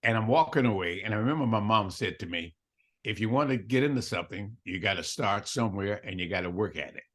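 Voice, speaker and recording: Older man, animated storyteller, quotes others, laughs a lot, very lively pitch. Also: quick pace. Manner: animated storyteller who acts out dialogue and laughs often. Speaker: interview guest. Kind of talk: storytelling interview.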